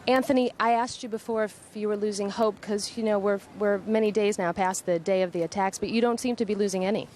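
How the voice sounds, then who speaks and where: A woman reporting live on location, gently interviewing family members of missing people. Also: mid-range voice, fairly even intonation, quick pace, a little hiss or hum. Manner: gentle, sympathetic questioning. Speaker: field reporter.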